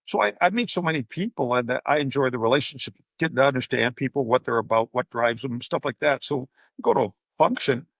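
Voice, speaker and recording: A man's voice: mid-range voice, expressive, quick pace, creaky, hardly any pauses, no room sound. An older man, a podcast guest and coach, telling anecdotes in a casual interview and acting out the voices of people he quotes.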